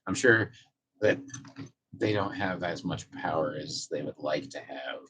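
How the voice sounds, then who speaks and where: A man's voice: a bass voice, measured pace, background noise. A man on a casual live stream, reading viewer messages aloud and talking to his cat in a loose, profane way. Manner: chats to his cat between comments.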